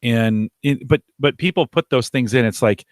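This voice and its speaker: A man's voice: mid-range voice, normal speed, no echo, clean studio sound. A man co-hosting a podcast, talking casually and rambling, often restarting his sentences. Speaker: podcast co-host.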